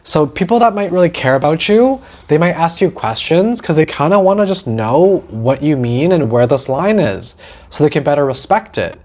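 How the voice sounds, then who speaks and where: A man hosting a teaching talk about setting boundaries, animated, acting out short quoted lines and often asking "right?". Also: a little high, normal speed, highs cut off. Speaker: host.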